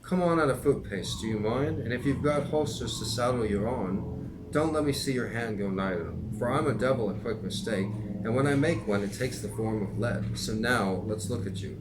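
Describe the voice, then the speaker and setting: A man reading aloud and voicing a suspicious, armed English coach guard who challenges a rider with loud shouts. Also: mid-range voice, normal speed, heavy background noise, lightly acted. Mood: warning.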